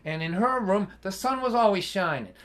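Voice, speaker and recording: A man in his sixties telling a personal story at a concert, earnest and halting, with restarts and an occasional cough. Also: high voice, lively intonation, fairly bright tone. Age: 60s. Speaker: folk singer and storyteller.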